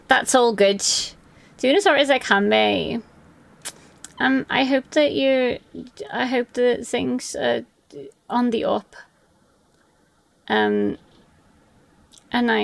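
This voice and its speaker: A woman's voice: fairly high pitch, vocal fry, no echo. A young woman streaming live from her room at home, chatting loosely and answering her chat by name.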